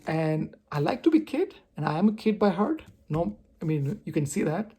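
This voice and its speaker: A man telling a personal story on his vlog, expressive and poking fun at himself. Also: fairly high pitch, moderate pace, husky. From India. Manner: expressive, self-mocking storyteller. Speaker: vlogger.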